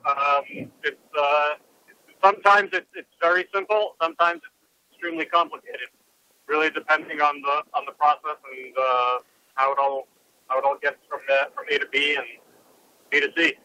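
A man's voice: a little high, steady tone, moderate pace, bright, forceful tone, clear, resonant tone, no echo, rough recording. A man who is a rabbi, answering interview questions and explaining things step by step with many fillers. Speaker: rabbi, kosher certification guest.

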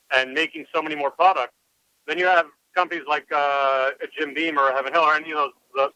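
Rabbi guy explaining stuff slowly w lots of ums, pretty high, really bright sharp voice. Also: no echo, poor audio. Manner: explains step by step, many fillers. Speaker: rabbi, kosher certification guest. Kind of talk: explanatory interview answers.

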